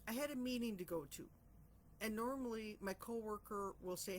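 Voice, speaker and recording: Woman host, heartfelt and wandering, thinks aloud, mid-pitched voice, faint hiss behind. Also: moderate pace. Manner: heartfelt, rambling, self-searching. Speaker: host of a reflection channel. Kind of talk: personal reflective talk.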